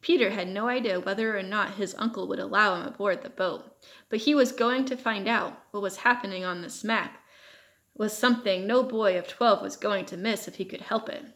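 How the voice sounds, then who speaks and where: A woman narrates a children's novel in a steady, measured reading voice. Her pitch sits in an ordinary middle range for a woman. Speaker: audiobook reader. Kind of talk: audiobook narration.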